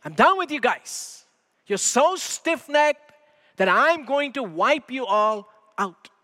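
A man's voice: extremely high pitch, lively intonation, slow, sharp tone, big-room sound, voice pushed up, exaggerated voice. A man preaching who voices God as fed up with a stubborn people, speaking bluntly and casually. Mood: exasperated.

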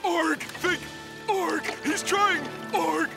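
An actor voicing a gruff, greedy male crab sea captain in a cartoon, barking pirate growls in a gravelly voice. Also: extremely high pitch, fairly even intonation, very slow, loud music behind the voice, full character voice. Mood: blustering. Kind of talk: cartoon voice acting.

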